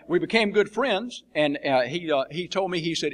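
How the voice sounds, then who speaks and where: A man's voice: fairly high pitch, animated, normal speed, a bit bright. A man speaking as a missionary preacher, telling plain-spoken stories to a church congregation with a blunt, folksy manner and frequent fillers. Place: church sanctuary.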